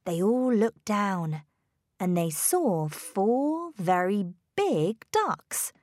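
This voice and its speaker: Woman reading a kids story really slowly, lively voice, dry close sound. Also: medium pitch, dry recording. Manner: slow, careful, expressive read-aloud delivery. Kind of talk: scripted storybook narration.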